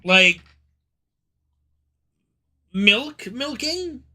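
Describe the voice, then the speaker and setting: A man chats with his live-stream audience in an unhurried, swinging voice, riffing on whatever comes up. His tone is high and very bright, and he curses freely and breaks into sudden loud outbursts. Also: sing-song. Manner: profane, loud outbursts and laughing asides to chat. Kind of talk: casual live-stream chat.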